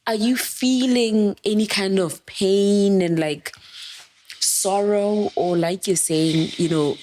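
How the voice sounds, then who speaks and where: A woman hosting an interview, asking gentle, probing questions with many fillers. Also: medium pitch, fairly even intonation, slow. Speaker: podcast host and interviewer. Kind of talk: conversational interview.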